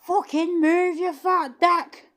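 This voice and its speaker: A man putting on an exaggerated Scottish accent as a loud, boisterous Scottish man. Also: extremely high pitch, steady tone, slow pace, pitched above the performer's own voice, exaggerated voice. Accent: Scottish, put on.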